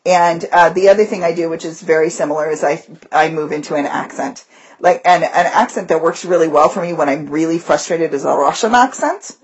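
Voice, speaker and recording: Female co-host, teacher; lower husky voice, lively casual storyteller. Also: a little fast, lo-fi sound. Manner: animated storyteller, breaks into voices. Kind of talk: casual chat.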